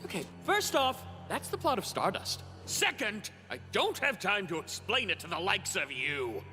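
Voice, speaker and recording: An actor playing a pompous, condescending noble knight who speaks in stiff formal phrasing, in an animated series. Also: male voice, high-pitched, normal speed, big-room sound, faint music behind, heavily acted. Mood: haughty.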